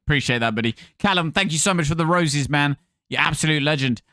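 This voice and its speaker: Male streamer, casual live chat, smooth clear voice, dry close sound, playful, reads out viewer names. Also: on the high side, fast, pushed and bright, no room sound. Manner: chatty, thanks viewers by name, playful.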